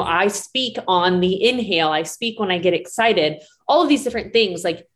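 A woman co-hosts a live online chat as a breathing coach. She talks in lively, excited bursts and leans on "like" as a filler. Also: mid-range voice. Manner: animated, lots of "like" fillers.

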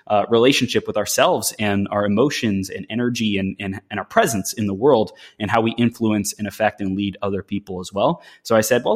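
Male coach guest, low voice, energetic, quick-talking, self-interrupting. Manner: enthusiastic, fast-talking, with frequent restarts. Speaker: podcast host and men's coach.

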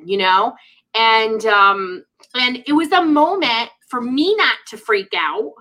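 A middle-aged woman in lively casual conversation, often adding "right?" and "you know". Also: high-pitched, measured pace, poor audio. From United States. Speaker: guest speaker on parenting and mental health.

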